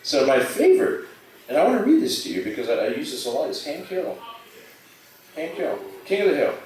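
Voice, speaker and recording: A man's voice: fairly high pitch, very animated, fairly quick, a little mellow, a little hiss or hum. A man doing a rambling, self-deprecating open-mic stand-up set, slipping into quoted voices. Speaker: stand-up comic. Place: small bar stage. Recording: roomy bar audio from a distant mic.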